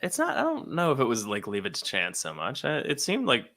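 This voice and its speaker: A man co-hosting a podcast in casual chat, animated and profane, laughing often. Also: mid-range voice, fairly quick. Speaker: podcast co-host.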